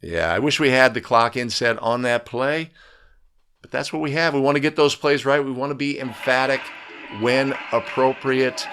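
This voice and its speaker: A man hosts an instructional breakdown for basketball referees, speaking over game footage. He coaches in an emphatic way and keeps checking in with his listeners. His voice sits at an ordinary middle pitch. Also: normal speed, a bit bright, clear, resonant tone. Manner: coaching, emphatic, with frequent "right?" tags. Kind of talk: instructional video commentary.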